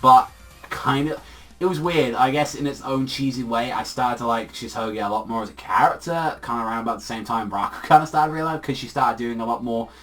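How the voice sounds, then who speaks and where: A young man gushes about a manga chapter in a casual video review, talking fairly quickly in a slightly bright, mid-range voice. His rambling is packed with fillers and loose swearing. He's recorded far from the mic, with music faintly audible behind him.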